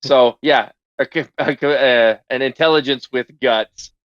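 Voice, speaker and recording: A man's voice: medium pitch, unhurried, no room sound. Guy rambling on a podcast, lots of um and restarts, dull lo-fi sound, kinda dry. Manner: hesitant, restarts, animated when telling a story. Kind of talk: casual chat.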